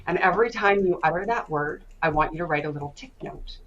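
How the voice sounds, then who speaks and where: A woman coach tells her stories briskly, jumping into other people's voices as she quotes them. Her voice sits a little low. It comes through a muffled video-call line. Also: a little hiss or hum. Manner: lively, acts out dialogue in quoted voices. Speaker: stress coach and guest speaker. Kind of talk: animated storytelling in an online session.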